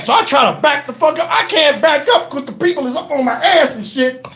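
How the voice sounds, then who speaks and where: High-voiced man telling stories on a live stream. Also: moderate pace. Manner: animated, profane, laughs through his stories. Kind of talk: casual storytelling on a live stream.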